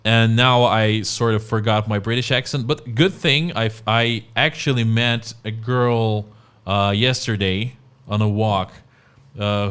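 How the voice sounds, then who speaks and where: A man's voice: on the low side, clear, resonant tone. A man, co-hosting a podcast in casual chat and acting out quoted voices as he tells stories. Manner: animated storytelling, acts out quoted voices. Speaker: podcast co-host.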